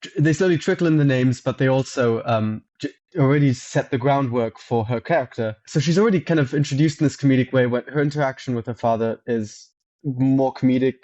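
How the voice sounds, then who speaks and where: A man's voice: medium pitch, a little fast, darkish tone, muffled recording. A man guesting on a film podcast, speaking thoughtfully and modestly, with some restarts. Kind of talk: casual film discussion.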